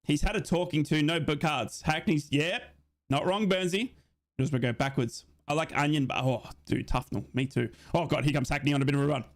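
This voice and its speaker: A man giving excitable live football commentary during a watch-along, his voice jumping high in big moments as he reads out and answers viewer comments. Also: brisk. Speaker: football fan commentator and streamer.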